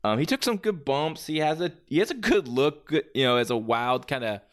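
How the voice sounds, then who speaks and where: A man with a higher-pitched, lively, brisk voice hosts a podcast reviewing wrestling matches. He chats casually and with strong opinions, rambling, often restarting sentences and using lots of fillers.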